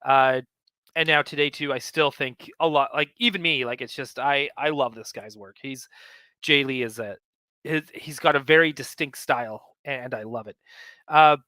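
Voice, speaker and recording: A man's voice: mid-range voice, normal speed, pushed and bright, dry recording. A man hosting a casual talk show, chatting enthusiastically and rambling with many fillers as he flips through a magazine. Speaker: host of a collecting show.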